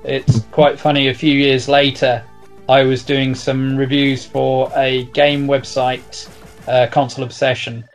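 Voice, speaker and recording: A man speaks as a guest in a mid-pitched, very flat voice with little rise or fall. He recalls old working habits in an even, measured manner. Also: faint music behind. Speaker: guest, magazine co-editor. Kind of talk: casual reminiscing.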